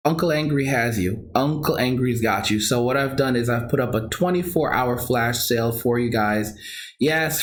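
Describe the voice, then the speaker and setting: Excitable man with a Long Island accent. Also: mid-range voice. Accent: New York, Long Island. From Long Island, New York. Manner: excitable, repetitive, addresses viewers as guys, often laughs. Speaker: crypto course seller and livestreamer. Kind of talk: casual livestream talk.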